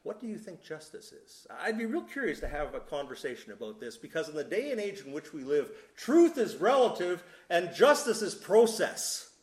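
A man preaching a sermon, emphatic and deliberate, with sudden drops to a soft voice. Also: on the high side, big pitch swings. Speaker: pastor. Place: church sanctuary. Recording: echoey room.

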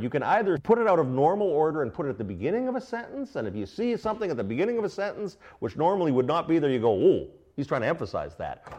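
A middle-aged male pastor preaching an expository sermon, questioning his congregation and swinging between emphatic bursts and quiet asides. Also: a little high. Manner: animated teaching, asks the congregation questions. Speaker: pastor teaching a Bible study.

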